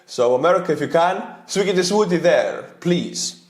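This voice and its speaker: A man's voice: fairly high pitch, expressive, moderate pace, echoey room. A man with an Estonian accent, rambling and chuckling as he reacts to memes. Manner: rambling, chuckling, earnest asides. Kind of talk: casual reaction commentary.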